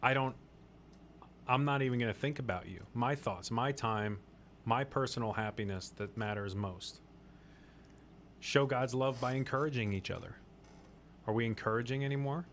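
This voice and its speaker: A man of middle pitch hosts a faith-based podcast discussion. He talks in an earnest, preachy way and hammers his points home by repeating them. Faint noise sits under his voice. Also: moderate pace, pauses often. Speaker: podcast host.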